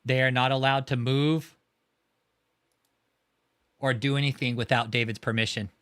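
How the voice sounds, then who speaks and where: A man's voice: mid-range voice, steady tone, moderate pace, a bit bright, clean tone. Blunt, cursing male livestreamer outdoors. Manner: profane, blunt, mocking. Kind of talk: casual livestream commentary.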